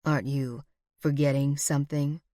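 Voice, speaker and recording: A woman voicing a manipulative, smooth-talking villainous man in low, soft, menacing tones. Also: level tone, moderate pace, dry recording, clean studio sound, close to an everyday voice.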